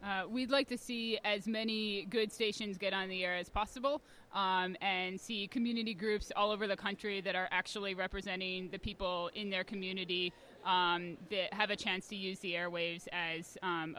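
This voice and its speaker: A woman being interviewed at a conference, explaining things clearly with frequent ums. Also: medium pitch, flat delivery, normal speed, bright, forceful tone, slight background noise. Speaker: guest, community radio organizer.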